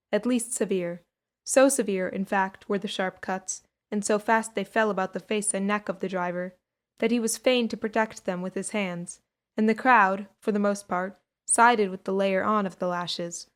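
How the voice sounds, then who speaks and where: A young woman narrating an audiobook of a 19th-century adventure tale. She reads at a measured pace in a clear, mid-pitched voice, keeping the storytelling steady. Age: young adult. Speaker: audiobook reader.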